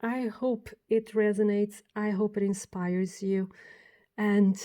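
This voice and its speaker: A woman giving a pick-a-card tarot reading, speaking warmly and directly to the viewer. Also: mid-range voice, flat delivery, takes it slowly. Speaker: tarot reader.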